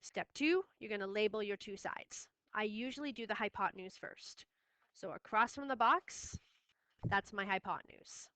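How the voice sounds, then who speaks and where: A woman's voice: mid-range voice, normal speed, fairly bright tone, clear, resonant tone, dry recording. A woman teaching a math lesson, firm and repeating key steps for her students. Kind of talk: classroom lesson recording.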